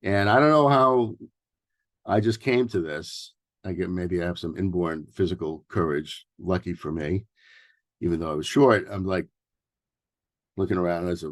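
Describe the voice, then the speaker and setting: A man in his sixties from New York City giving a relaxed workshop talk as a therapist, mixing advice with personal stories and often pausing on fillers and restarts. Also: low-pitched, no room sound, studio quality. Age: 60s. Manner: loose and conversational, with many fillers and restarts. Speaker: workshop presenter, family therapist.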